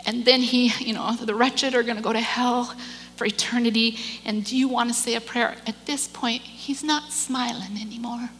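Woman preaching, tells stories and does the voices, bit high, echo of a big room and a faint hum. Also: normal speed. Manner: animated storyteller, acts out quoted voices, repeats words. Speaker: speaker giving a church message. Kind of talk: sermon storytelling. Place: church.

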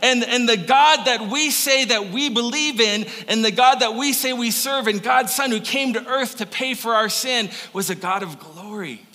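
Animated, bright-voiced male preacher. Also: very high voice. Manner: animated, conversational, keeps asking "right?". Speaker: pastor. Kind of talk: sermon. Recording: echoey hall.

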